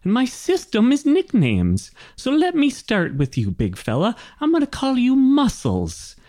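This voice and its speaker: A man's voice: extremely high pitch, wildly swooping pitch, measured pace, dark tone, pitched above the performer's own voice, heavily acted. A man voicing a senile, oblivious old male gnome wagon master who rambles cheerfully. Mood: cheery.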